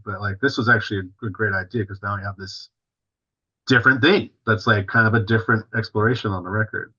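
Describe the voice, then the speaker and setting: A man's voice: lowish voice, quick pace, sharp tone, slightly rough, lo-fi sound. A male drummer, a guest on an interview, tells a story casually and animatedly, full of fillers and acting out what others said.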